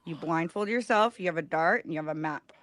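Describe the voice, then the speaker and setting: A woman's voice: deep voice, fairly quick. A woman co-hosting a live stream, joking playfully in casual banter. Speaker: livestream co-host.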